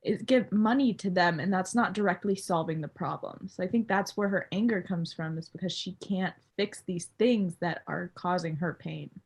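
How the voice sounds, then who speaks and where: A young woman co-hosting a casual book podcast, animated, laughing often and acting out characters' lines. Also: on the low side, moderate pace, few pauses, husky. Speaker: podcast co-host.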